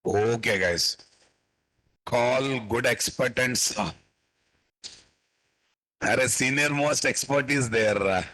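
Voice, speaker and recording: A man with an Indian English accent teaching a live coding class, slowly dictating code and repeating questions to his students before answering them himself. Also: medium pitch, pushed and bright, poor audio. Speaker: programming instructor.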